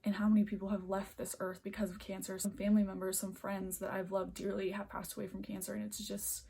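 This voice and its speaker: A woman's voice: mid-range voice, completely flat delivery, fast talker, creaky, warm tone, husky. A young woman vlogging at home into a phone camera, earnest and emotional, close to tears, often dropping to a near-whisper as she rambles. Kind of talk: emotional personal vlog.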